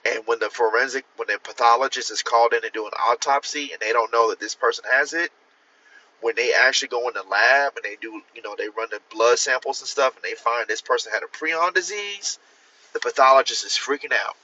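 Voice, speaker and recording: Male livestream host, casual and profane, rambling; bright, forceful tone, muffled phone audio. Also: medium pitch, fairly quick, a little hiss or hum. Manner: profane, rambling, talks straight to viewers; answers viewer comments. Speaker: author hosting a livestream.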